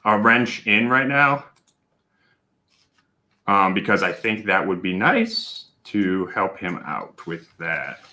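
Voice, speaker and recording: A man hosting a casual livestream, chatty and animated, with plenty of fillers and shout-outs to viewers. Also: lowish voice, slow pace. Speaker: livestream host.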